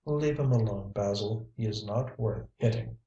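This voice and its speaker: A man reading a quietly firm young woman. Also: on the low side, moderate pace, muffled recording, lightly acted. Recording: roomy, distant mic.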